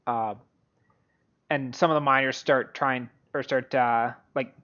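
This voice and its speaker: A man narrating as game master of a tabletop game, halting and full of fillers. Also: mid-range voice, steady tone, a bit bright. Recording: dull lo-fi audio.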